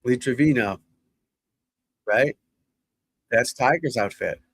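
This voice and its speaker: A middle-aged golf instructor with a Boston accent chats casually on a live stream, rambling and blunt with joking asides. His mid-range voice is slow, and there's noise in the background.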